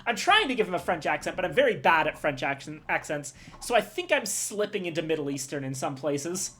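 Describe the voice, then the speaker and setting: A woman streaming a game, reading its text aloud in a steady, measured way. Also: low voice.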